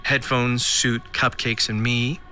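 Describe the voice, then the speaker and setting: A man's voice: medium pitch, flat delivery, takes it slowly, pushed and bright, a little hiss or hum. A man narrating a scripted audio drama in a dry, first-person storytelling manner.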